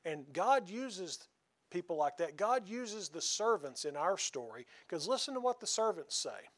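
A man's voice: high voice, very animated, measured pace. A man preaching a sermon in a folksy, conversational way, often asking the congregation questions.

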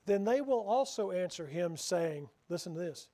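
A man preaching a sermon, reading scripture slowly and acting out the voices of the people he quotes. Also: high voice, expressive, mellow.

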